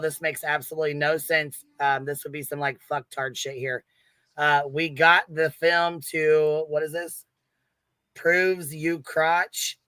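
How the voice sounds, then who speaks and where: A man on a livestream panel giving crude, profane commentary, laughing and acting loudly disgusted. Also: on the high side, flat delivery, unhurried, smooth, no room sound.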